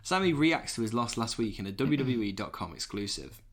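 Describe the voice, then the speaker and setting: A man's voice: on the low side, very animated, fairly quick. A man co-hosting a wrestling podcast, reading match recaps and then chatting loosely.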